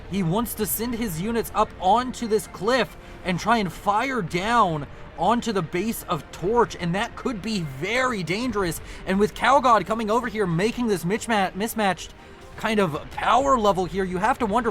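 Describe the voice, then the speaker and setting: A man with a high-set voice casts a strategy game match in a chatty, running commentary. He often corrects himself and apologizes for his slips. Faint music plays behind him. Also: fairly bright tone. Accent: non-local accent, unnamed. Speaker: game caster.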